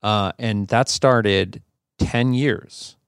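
Gravelly low-voiced man telling a story. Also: extremely slow, dry recording, studio quality. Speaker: podcast co-host. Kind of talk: casual chat, storytelling.

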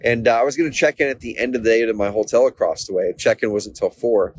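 Man, 30s, from Oregon, teaching through a personal story, energetic, mid-range voice. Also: mid-range voice, fast talker, breathy edge. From Oregon, USA. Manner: energetic, animated quoting of others, frequent restarts. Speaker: business coach. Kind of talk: storytelling lesson.

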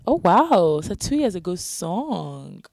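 A woman co-hosting a podcast in casual chat, laid-back and often trailing off into quiet mumbles. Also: lowish voice, sing-song, a little slow, creaky, dry recording. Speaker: podcast co-host.

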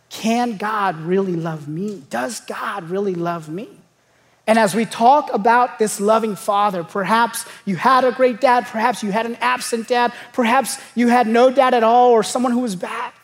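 A young adult man from Los Angeles, a pastor preaching a sermon, telling stories and building to emphatic calls to the congregation. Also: very high-pitched. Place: large church auditorium. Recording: long hall reverb.

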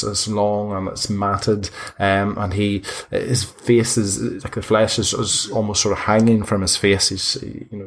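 A man narrating a tabletop game as game master, with frequent hesitations. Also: lowish voice. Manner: hesitant, many fillers and restarts.

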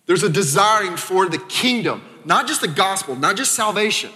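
A man from Arkansas preaching a sermon as a pastor, talking conversationally with quick asides and sudden quiet drops. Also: sits high, animated. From Arkansas, American South. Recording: long reverb of a church hall.

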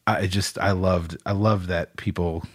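A man's voice: deep voice, fairly even intonation, unhurried, dry recording, clean studio sound. A man co-hosting a podcast in casual chat, reading out listener lists with loose laughter and free swearing. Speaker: podcast co-host.

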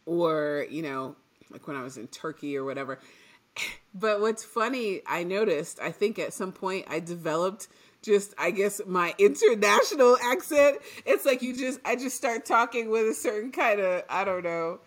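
A woman from Trinidad, chatting casually as a podcast co-host, telling stories and acting out what she once said. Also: lowish voice. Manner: animated storyteller, acts out her own past lines, quick asides. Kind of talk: casual chat.

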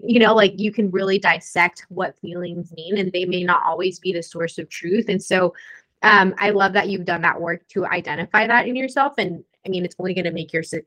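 A young adult woman co-hosting a casual podcast chat, lively, laughing often and talking with many fillers. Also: on the low side, poor audio. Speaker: podcast co-host.

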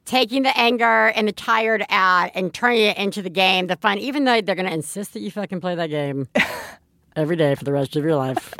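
A woman in her thirties co-hosts a relaxed conversation, her voice sitting at an ordinary middle pitch. She rambles loosely, full of fillers and self-corrections. The recording is dry and close, with no room sound. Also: fairly quick, dry recording. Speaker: podcast co-host. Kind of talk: casual chat.

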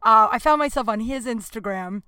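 A woman's voice: a little high, normal speed, bright, forceful tone, clean tone, dry recording. Flustered, rambling woman in her late thirties. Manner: rambling, flustered, swears freely. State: nervous. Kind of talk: casual confessional monologue.

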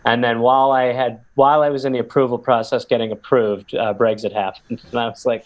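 A man's voice: mid-range voice, level tone, brisk. Rambling, jokey male comedy guest. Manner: rambling, jokey, slips into silly voices. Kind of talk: casual comedic chat.

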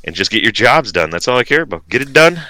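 A man's voice: mid-range voice, sing-song, fast talker, bright, forceful tone, dry recording. A man in his thirties, a parent, co-hosting a casual podcast, rambling loosely and swearing as he acts out family exchanges. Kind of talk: casual chat.

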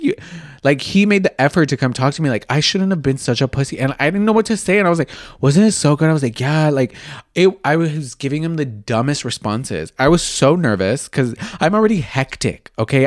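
A young man with a slightly high voice hosts a candid podcast in studio quality without any room sound. He's gushing and chatty, expressive throughout, and now and then drops into a whisper.

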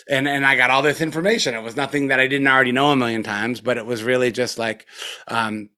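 A man's voice: mid-range voice, bright, forceful tone. Man, meditation teacher, casual dharma talk, rambling, profane, many fillers, spaced out, middle-aged. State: a little spaced out after retreat.

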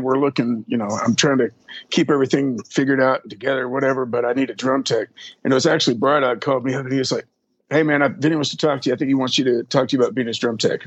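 A man's voice: medium pitch, no echo, highs cut off. A man, a drum tech, telling rambling, profane stories in a casual interview and acting out the people he quotes. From Texas.

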